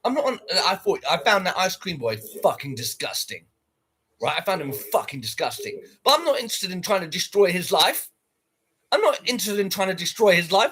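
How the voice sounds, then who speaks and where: A man's voice: high-pitched, sing-song, brisk, pushed and bright, breathy edge. A man livestreaming, ranting to his viewers in an aggrieved, swearing, rambling way.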